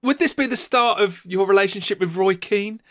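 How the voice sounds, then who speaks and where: A male podcast host asking an interviewee measured, considered questions. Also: high voice, dry recording, clean studio sound.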